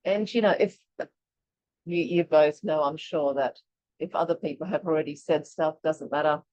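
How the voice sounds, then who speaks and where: A woman from Eastern Europe leading an online workshop, talking in a chatty, animated way and laughing often. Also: low voice, normal speed, dry recording, lo-fi sound. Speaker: workshop leader. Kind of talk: casual online workshop teaching.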